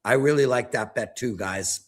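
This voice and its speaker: A man in his fifties, a sports betting handicapper talking in an animated, ranting, exaggerated way during a casual chat. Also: medium pitch, normal speed. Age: 50s.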